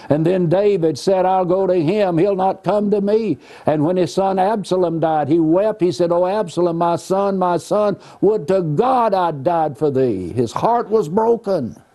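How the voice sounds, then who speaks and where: A man's voice: fairly high pitch, mellow. A man teaching the Bible in an earnest, folksy, plainspoken way, using homely examples. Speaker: preacher.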